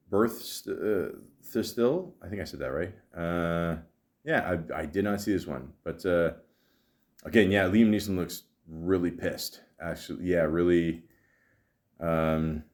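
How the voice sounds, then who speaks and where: Man, podcast host, low voice, rambling casual chat, lots of ums and restarts, swears. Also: takes it slowly, long pauses, darkish tone.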